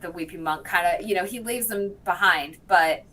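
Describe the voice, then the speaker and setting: A woman recapping TV episodes in casual chat, telling the story with lots of fillers and quick bits of the characters' lines. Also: lowish voice, bright, forceful tone, low-quality recording. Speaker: podcast guest.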